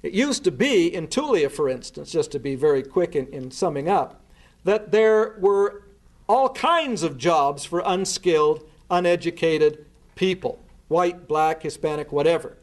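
A man's voice: on the high side, lively intonation, unhurried. A man giving a talk, earnestly recounting events step by step and restarting his words as he goes. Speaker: speaker recounting a case. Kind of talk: spoken storytelling talk.

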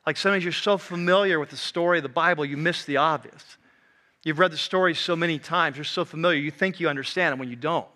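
A man preaching a sermon, animated, swinging from loud emphatic passages to soft, low, quiet ones. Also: quick pace. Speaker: pastor.

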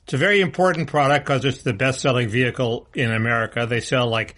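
A man's voice: mid-range voice, steady tone, fast talker, fairly bright tone. A man co-hosting a casual political podcast, talking bluntly and restarting his sentences often. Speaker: co-host.

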